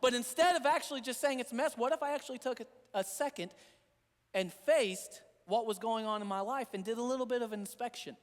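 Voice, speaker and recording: High-voiced man preaching in an echoing hall. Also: fairly quick. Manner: earnest, repetitive conversational preaching. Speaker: pastor. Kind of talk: sermon. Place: church sanctuary.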